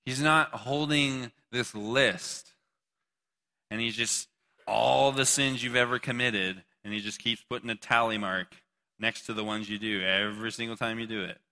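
A man preaches in a casual, chatty way, cracking jokes and asking his listeners questions. His voice is bright and forceful, at a middle pitch for a man. He sounds like he is speaking to a live group in a church. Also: steady tone, moderate pace. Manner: casual, joking, talks to the audience. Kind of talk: sermon.

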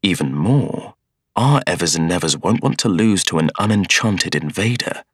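A man voicing a cold, scheming young schoolmaster of Evil who speaks in a measured, persuasive way. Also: deep voice, lively intonation, fairly bright tone, breathy edge, no room sound, clean studio sound, heavily acted. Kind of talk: audiobook character voice.

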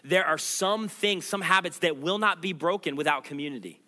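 A man's voice: fairly high pitch, moderate pace, pushed and bright. A man pastor preaching a sermon, earnest and pleading, building to emphatic declarations.

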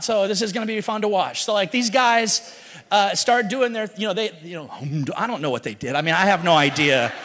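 A man preaching in a loose, animated storytelling style. His voice sits high. A long hall reverb follows his words around the room. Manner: casual, animated storytelling with slang. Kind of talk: sermon.

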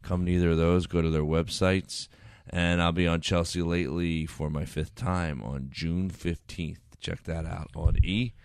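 Deep-voiced wisecracking male comedian. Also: flat delivery, moderate pace, gravelly, hardly any pauses, a little mellow, clean tone, dry recording, clean studio sound. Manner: wisecracking, crude jokes. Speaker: comedian guest. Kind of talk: casual podcast chat.

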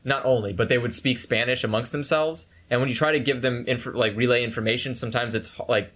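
Young man, casual chat, middle pitch, deadpan, dry mock outrage. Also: quick pace. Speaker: co-host with a video channel.

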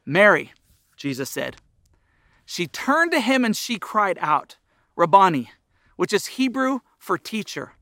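A man's voice: sits high, sing-song, measured pace, sharp tone, no echo, clean studio sound. A middle-aged man preaching a sermon as pastor, earnest, his voice rising and dropping for emphasis.

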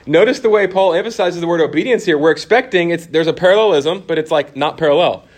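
A man teaching a church Bible course to a class. He talks conversationally, poses questions to the room and fills pauses with ums and restarts. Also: on the high side.

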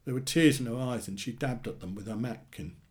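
A man narrating a short story in a plain, steady storytelling manner. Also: mid-range voice, a little fast, slightly rough. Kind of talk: scripted narration.

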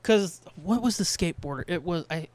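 A man co-hosting a podcast, chatting casually with lots of swearing and quick voice impressions. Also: fairly high pitch, no echo. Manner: animated, swears a lot, mimics voices. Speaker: podcast co-host. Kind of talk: casual profane chat.

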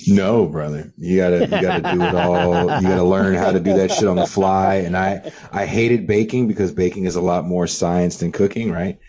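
A man from California telling casual stories on a podcast, animated and swearing, with many restarts. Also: low voice, normal speed, few pauses, highs cut off. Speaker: guest, former rig cook.

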